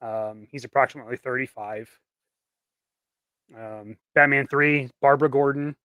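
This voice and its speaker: A man chatting casually on a livestream, relaxed and hesitant, with many ums as he explains ideas. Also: mid-range voice, normal speed, no room sound.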